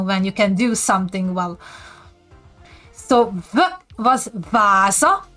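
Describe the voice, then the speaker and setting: A woman's voice: a little high, a bit bright. A woman from Hungary, speaking with a Hungarian accent, chatty and giggling often as she teaches viewers on a casual live stream.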